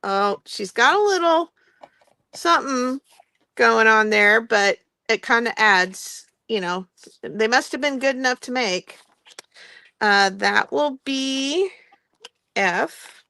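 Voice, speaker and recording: Woman, chatty sale host, bright tone, dry close sound, laughs often. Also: fairly high pitch, lively intonation, takes it slowly, gravelly, pauses often, dry recording. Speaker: host running a live craft-supply sale. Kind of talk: casual live sale chat. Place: indoor shop with construction noise nearby.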